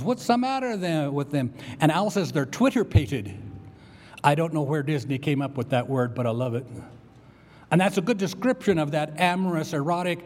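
Animated male pastor in an echoing church. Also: a little high. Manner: animated storytelling with playful asides to the congregation. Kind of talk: sermon. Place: church sanctuary. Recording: long reverb from a church hall.

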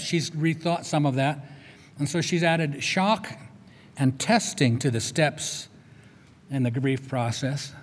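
An older male chaplain preaches in a slightly high voice, telling stories in an earnest, conversational way. His words ring out with the long reverb of a large hall. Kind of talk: sermon.

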